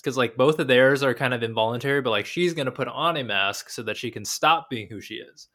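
A young man co-hosting a casual discussion of an anime episode, rambling and animated with lots of fillers. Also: medium pitch, fairly quick. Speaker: podcast co-host.

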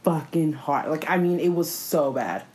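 A woman telling a story in a casual chat, profane and animated, often breaking into laughter. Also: deep voice, moderate pace, low-quality recording.

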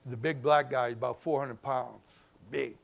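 A man, a pastor preaching a sermon in a conversational way, swinging between loud emphasis and hushed asides. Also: mid-range voice, fairly even intonation, moderate pace, vocal fry. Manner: conversational, informal grammar and repeated phrases.

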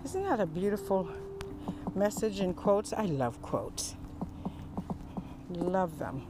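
Reflective, preachy vlogger with a lively pitch who stretches key words; recorded in a moving car with road noise. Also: takes it slowly. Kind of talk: casual devotional chat while driving.

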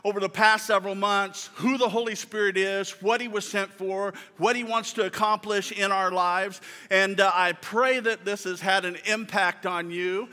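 A male pastor with a high, bright voice, preaching a sermon in a chatty way that still leans hard on key lines. He jokes with the congregation, then slows right down for emphatic quotes. The sound carries the long reverb of a large church hall. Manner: conversational, joking with congregation, emphatic slow quotes.

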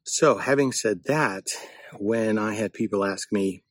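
Man, husky voice, lowish pitch, reflective and meandering, casual writing-tips monologue. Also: measured pace, dry recording, clean studio sound. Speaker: writer giving writing tips. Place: outdoors, not in a studio.

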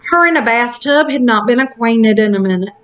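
A woman telling a story in a casual, frank, animated chat, with lots of fillers. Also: on the high side, a little fast.

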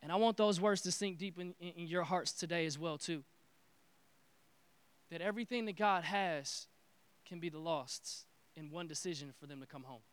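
A man preaching a sermon with energetic, repetitive call-and-response phrasing. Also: on the high side, normal speed, smooth. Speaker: pastor.

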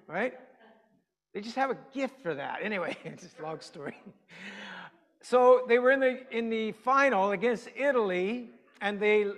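A high-pitched male pastor gives an easygoing, conversational sermon, tossing questions to his listeners. His voice rings out with a long reverb in a church hall. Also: a bit bright. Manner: chatty, asks the congregation questions.

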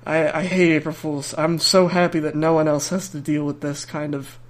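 A young man with a slightly high voice tells a story on a podcast. He rambles, restarts his sentences and laughs through the telling. His talk is relaxed and chatty. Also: moderate pace. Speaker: podcast host. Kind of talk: casual storytelling.

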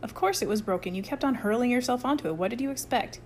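A woman voicing a dry, deadpan, clever teenage boy who speaks in an understated way. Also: on the high side, quick pace, a little hiss or hum, voice pushed up, natural voice.

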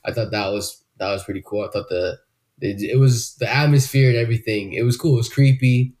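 A man's voice: mid-range voice, brisk, darkish tone. A man hosting a casual movie review podcast, talking in a loose, rambling way with frequent swearing. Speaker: podcast host.

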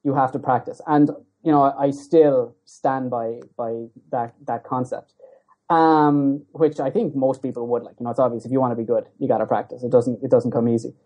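A man speaking as a podcast guest, talking casually and hesitantly with many pauses and restarts. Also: medium pitch, fairly even intonation, warm tone. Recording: dull lo-fi sound.

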